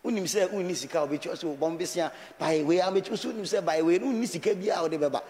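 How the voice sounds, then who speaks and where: A man's voice: high voice, quick pace, a little mellow, big-room sound. A man with a Ghanaian accent preaching a sermon as pastor, talking conversationally and mixing Twi with English.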